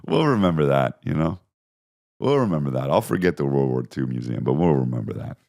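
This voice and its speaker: A man's voice: a bass voice, brisk, gravelly. A man hosting a comedy podcast, telling stories casually with lots of swearing, and jumping in and out of bits and silly voices. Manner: animated, profane, jumps into bits and voices. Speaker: podcast host.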